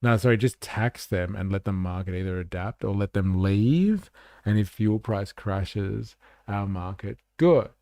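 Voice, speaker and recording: A man's voice: fairly low pitch, unhurried, a little mellow, dry recording, studio quality. A man hosting a casual livestream, chatting back to comments and saying "like" a lot. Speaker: livestream host.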